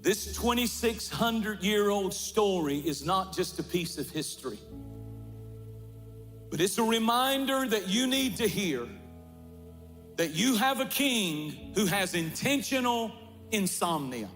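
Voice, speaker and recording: A high-voiced man preaches slowly and with fire, pushing up into shouts at his strongest lines. He is in a large church where the sound rings out in a long hall reverb, with faint music underneath. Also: sing-song. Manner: impassioned, shouting at peaks, storytelling. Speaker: pastor. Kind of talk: sermon.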